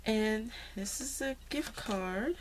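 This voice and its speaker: A woman's voice: a little high, takes it slowly, slight background noise. A woman, gushing with delight as she unboxes crafted cards in a casual vlog. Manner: gushing, excitable, says "y'all". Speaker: crafting vlogger. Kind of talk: casual happy-mail unboxing.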